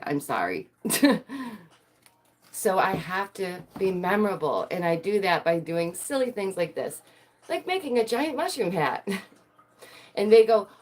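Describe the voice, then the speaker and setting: Bubbly woman vlogger, slightly low-pitched, giggles often, dramatic acted-out quotes. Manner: dramatic, puts on voices for quotes. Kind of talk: casual chat to viewers.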